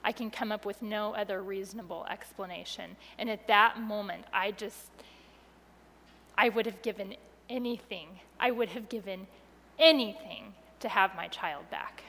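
A woman's voice: medium pitch, normal speed, creaky. Woman storyteller in a reverberant hall. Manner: expressive, drops soft and quiet at tense moments, laughs between lines. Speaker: speaker telling a personal story. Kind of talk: dramatic personal storytelling.

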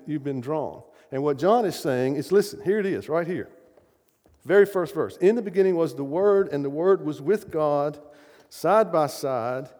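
A middle-aged man delivers a sermon with emphasis, posing questions to his audience. His voice is a little high but warm and mellow, and long reverb trails through the large hall.

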